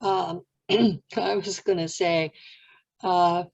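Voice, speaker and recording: A woman hosting an interview, speaking in a slow, halting way. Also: on the low side, fairly even intonation, creaky, darkish tone, lo-fi sound. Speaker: podcast host. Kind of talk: casual interview chat.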